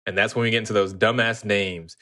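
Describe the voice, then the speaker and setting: A man with a somewhat low voice riffs on a video game in casual podcast talk. He is sarcastic and profane, full of jokey asides. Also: fairly even intonation, fast talker, bright, forceful tone. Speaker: podcast co-host. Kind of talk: casual gaming chat.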